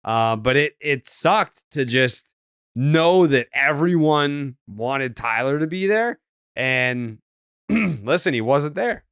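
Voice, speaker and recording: A man's voice: medium pitch, animated, takes it slowly, fairly bright tone, clear, resonant tone, no echo, studio quality. A man with a Boston accent hosting a sports podcast, telling a story in a hyped, teasing way and joking with his co-hosts. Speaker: podcast host. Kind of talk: casual sports podcast banter.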